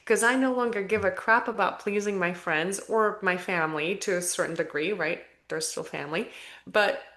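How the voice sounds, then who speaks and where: A woman's voice: mid-range voice, fairly bright tone. A woman talking candidly and reflectively on a podcast, sighing and adding asides as she thinks things through. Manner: frank and self-reflective, with sighs and asides. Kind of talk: candid conversational podcast talk. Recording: roomy echo.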